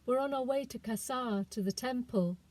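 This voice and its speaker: A woman's voice: on the high side, normal speed, darkish tone, voice pushed up, lightly acted. A woman reading the lines of a determined young village girl on a desperate journey, in an urgent, pleading voice. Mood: earnest.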